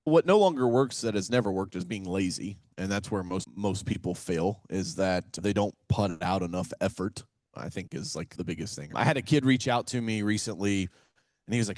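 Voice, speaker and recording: A man's voice: on the low side, a little fast, no echo. A man from Kentucky, a real estate investor guest on a casual podcast interview, telling stories energetically and acting out phone calls in a folksy way. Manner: energetic, animated storyteller who acts out phone calls; folksy, says "man" and "right?" often.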